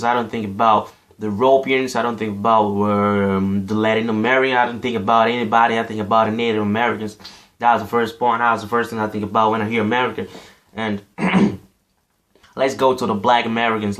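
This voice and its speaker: A man's voice: fairly low pitch, fairly bright tone. A man from Africa giving a casual, emphatic opinion monologue, repeating himself and saying "you know" often. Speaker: vlogger.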